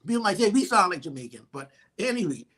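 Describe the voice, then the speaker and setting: A Bahamian man co-hosting a casual talk show, telling stories in an animated way and often restarting his words. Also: high voice, fast. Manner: animated storyteller, stutters on restarts. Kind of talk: casual chat.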